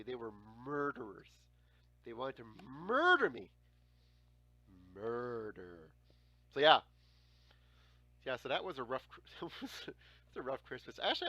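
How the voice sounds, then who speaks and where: A man in his forties hosting a casual livestream chat, telling stories in an animated way, with frequent swearing and laughter. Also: mid-range voice, slightly rough. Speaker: livestream host.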